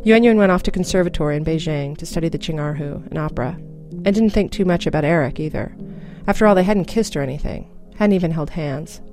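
A woman narrating a scripted radio story in a measured, even manner. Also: sits low, faint music behind.

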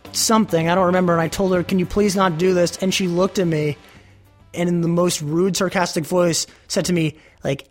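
A young man in his late teens, speaking casually in an interview, chatty and full of "like" fillers. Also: sits high.

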